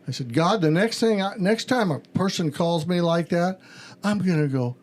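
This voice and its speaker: A man's voice: high-pitched, moderate pace. A middle-aged man, a pastor hosting a podcast, telling a story in a casual chat and acting out the phone calls in it.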